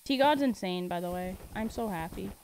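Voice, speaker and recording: A woman's voice: mid-range voice, moderate pace, darkish tone, a little hiss or hum. A woman streaming a video game, chatting casually with her chat and laughing often. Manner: giggly and chatty, answering chat. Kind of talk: casual live-stream gameplay commentary.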